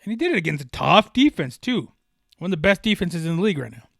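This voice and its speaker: Bright, passionate male sports podcaster. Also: sits high, sing-song, fast, gravelly, no room sound, clean studio sound. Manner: passionate, emphatic, rambling with restarts. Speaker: podcast host. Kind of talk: solo sports podcast monologue.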